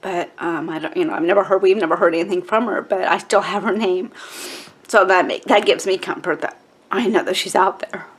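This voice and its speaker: A woman's voice: on the low side, fairly even intonation, a little fast, breathy edge. A woman in her forties telling a personal story to camera, candid and emotional, with a casual "like" and a tearful edge. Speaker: vlogger.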